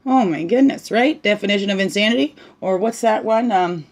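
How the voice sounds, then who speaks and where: Reading oracle cards, a woman with a mid-range voice gives a brisk, casual spiritual teaching monologue. She's bubbly and chatty, often adding "right?" and slipping into soft, hushed asides.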